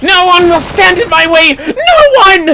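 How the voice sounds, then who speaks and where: A man voicing a furious female warrior who bellows threats in a high, strained voice. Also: sing-song, unhurried, soft background music, heavily acted. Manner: shouted threats. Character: enraged female warrior berserker.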